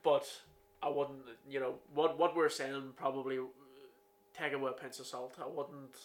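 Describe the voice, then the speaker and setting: A man's voice: medium pitch, little pitch movement, normal speed. A Northern Irish man in his twenties hosting a podcast, chatting casually and joking with a friend. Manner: jokey, chatty, tangents with fillers. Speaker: podcast host. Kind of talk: casual chat.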